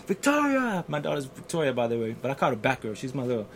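Speaking rapid-fire in a mid-range voice, this man recounts something that happened to him in casual conversation while slight background noise runs underneath. He voices the people in his story, stays lively, and often restarts or uses fillers.

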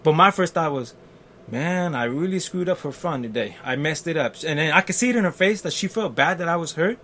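A man tells a story in a bright, forceful voice that sits a little high for a man. He slips into the voices of the people he quotes, with many restarts and fillers. A faint hum of ambience stays in the background. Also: lively intonation, a little fast. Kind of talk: casual storytelling.

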